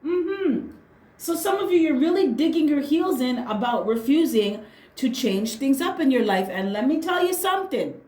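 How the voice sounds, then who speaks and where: A woman with a fairly high voice does a casual tarot reading, talking bluntly in slang and swearing without a second thought. She drives each point home with a quick "right?" or "okay?". The sound is roomy, with a noticeable echo off the walls. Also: big pitch swings, darkish tone. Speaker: tarot reader.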